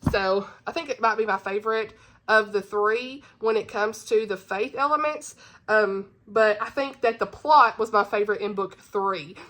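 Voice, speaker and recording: A woman's voice: medium pitch, normal speed, fairly bright tone. A woman hosting her own channel, chatting casually and bubbly about books she recommends, giggling often. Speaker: book reviewer, channel host. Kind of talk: casual book-recommendation chat.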